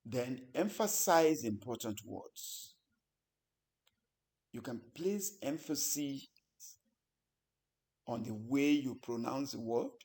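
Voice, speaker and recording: A man teaching public speaking in a lecture, talking deliberately with many pauses between short phrases. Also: medium pitch, lively intonation, darkish tone.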